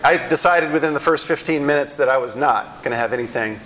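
A middle-aged male pastor telling stories in a sermon, animated and wryly self-deprecating. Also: medium pitch, fast, a little hiss or hum, low-quality recording. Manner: animated storyteller with wry self-deprecating humor. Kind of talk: sermon storytelling.

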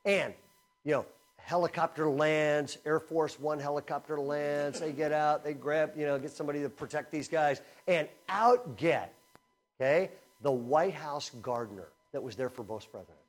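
Lively conversational man preaching a sermon. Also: normal speed. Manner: energetic, conversational, swings between loud emphasis and low asides. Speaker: speaker at a camp teaching session.

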